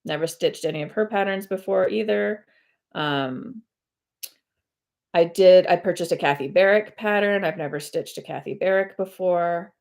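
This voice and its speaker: Casual female host, slightly low pitch, rambling live-stream chatter at home. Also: moderate pace, creaky, a little mellow. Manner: chatty and rambling, many fillers and self-corrections. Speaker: host of a cross-stitch video channel. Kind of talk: casual live-stream chat while stitching.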